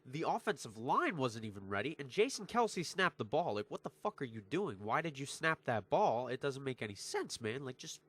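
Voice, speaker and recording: A teenage guy rants through a football recap, frustrated and emphatic. He repeats himself for emphasis and swears freely, at an ordinary middle pitch. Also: sing-song, moderate pace, few pauses, a bit bright. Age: teens. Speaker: vlogger, sports fan. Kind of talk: heated sports recap rant.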